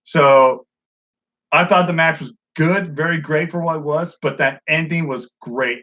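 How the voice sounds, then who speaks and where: A high-pitched man talks wrestling in a loose, foul-mouthed review, getting worked up and playing out the wrestlers' lines himself. The recording is a little dull and lo-fi. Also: measured pace. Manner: excitable, swears a lot, acts out quotes. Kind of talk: casual profane commentary. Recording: dull lo-fi sound.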